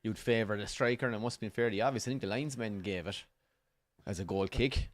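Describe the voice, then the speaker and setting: A man's voice: fairly low pitch, quick pace. Irish man calling the match in a pub. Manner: relaxed, swearing, reacts to match play. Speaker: co-host. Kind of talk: casual pub chat and football commentary. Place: bar during a live match.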